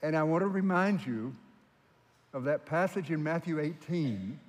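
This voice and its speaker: A man's voice: on the high side, expressive, measured pace. A man preaching a sermon, earnest and emphatic, stretching out the phrases he stresses. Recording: long hall reverb.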